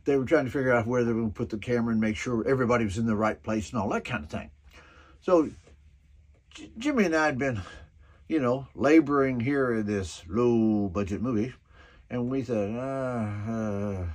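A man's voice: mid-range voice, darkish tone. A man in his seventies telling a folksy anecdote in a personal video message, chuckling often as he goes. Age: 70s. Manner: chuckles often, drawn-out storytelling.

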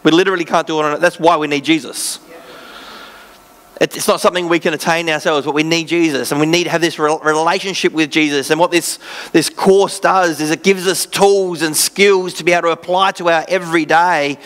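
The Australian preacher keeps a steady tone and a fairly quick pace, his fairly high voice sounding fairly bright. He stays earnest yet conversational, slipping in jokes at his own expense.

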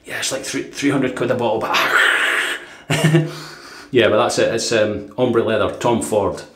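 A man's voice: medium pitch, a little slow, a bit bright, a little hiss or hum. A Scottish man from Dundee chatting casually through a product review, rambling with fillers and chuckles. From Dundee, Scotland. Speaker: shaving vlogger. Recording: echoey room.

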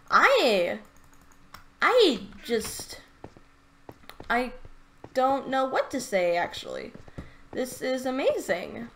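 Excitable stammering woman gamer. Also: medium pitch, a little hiss or hum. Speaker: let's play gamer. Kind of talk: casual gameplay commentary.

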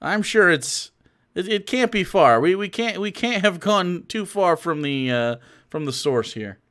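A man's voice: high-pitched, lively intonation, measured pace, fairly bright tone. A man streaming live, giving sarcastic, mocking commentary on videos. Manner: sarcastic, mocking, laughs often.

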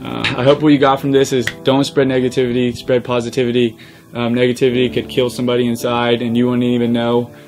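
A young man in a personal vlog to his followers, earnest and choked up, pausing often with "um". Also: medium pitch, monotone, a little mellow, faint music behind. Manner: earnest, emotional, many pauses and "um"s. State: choked up, near tears. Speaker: social media creator. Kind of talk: personal vlog talking to camera.

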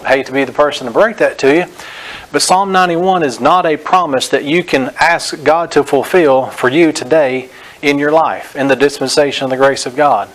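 A man preaching a Bible-teaching sermon, reading scripture slowly and stressing each phrase, then correcting common beliefs in a direct, plain way. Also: on the high side, a bit bright, low-quality recording. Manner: direct, corrective, frequent "notice". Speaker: pastor.

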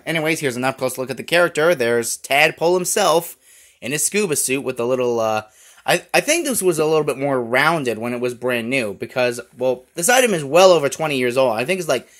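A man's voice: medium pitch, a bit bright. A man giving a casual, rambling toy review with many fillers. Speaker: toy collector YouTuber.

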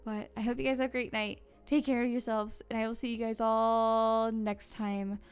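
A sleepy woman streamer chats loosely into a desk mic, giggling and apologizing as she rambles. Her voice sits a bit high and sounds smooth and clear. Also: little pitch movement, moderate pace, soft background music. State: sleepy and tired. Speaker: live streamer. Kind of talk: casual live-stream chat.

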